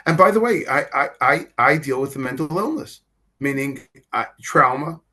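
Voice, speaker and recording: A middle-aged man speaks as an interview guest in a bright, somewhat tense voice. He talks haltingly, stammering and repeating words, and his voice softens as he speaks of hard feelings. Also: medium pitch, lively intonation. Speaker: rabbi, guest. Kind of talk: emotional interview conversation.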